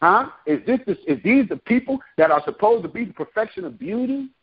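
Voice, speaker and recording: This high-pitched, slightly rough male voice moves briskly and with lively intonation through Bible verses, then shifts into casual slang. He's a street preacher, captured on a muffled recording.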